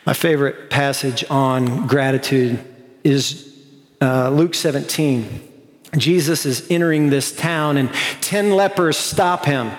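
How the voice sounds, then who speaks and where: A pastor giving a sermon, earnest and conversational, slowing down to stress key lines. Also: male voice, medium pitch. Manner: earnest, conversational preaching with slow emphatic stretches. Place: church sanctuary. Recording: long hall reverb.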